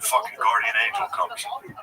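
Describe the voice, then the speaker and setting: A man's voice: fairly quick, a loud crowd. A man in casual chat, making sarcastic jokes and swearing. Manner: sarcastic jokey banter, swearing. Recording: distant mic with clear background noise.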